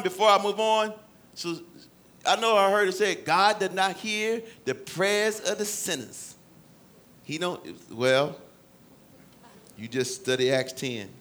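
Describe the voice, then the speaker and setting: High, bright-voiced preaching man. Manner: preaching with dramatic voiced quotes, shifting loud and soft. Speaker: pastor. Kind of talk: sermon.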